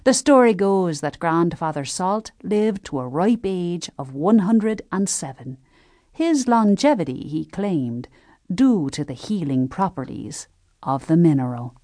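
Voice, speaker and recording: A woman narrating a historical novel as an audiobook, telling the story in a measured, gentle first-person voice. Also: fairly low pitch, lively intonation, dry recording, clean studio sound.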